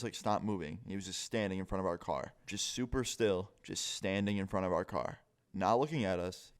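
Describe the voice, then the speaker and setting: A man's voice: on the low side, a little mellow. A young man telling a scary story to camera in a casual, swear-heavy vlog style, saying "like" a lot. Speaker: vlogger. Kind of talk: storytime monologue.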